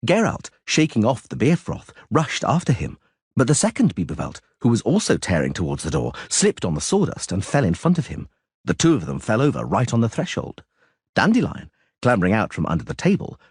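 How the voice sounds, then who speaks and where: A man narrating an audiobook in a lower, steady voice between the characters he voices. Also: slightly rough, no room sound, studio quality. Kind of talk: scripted narration.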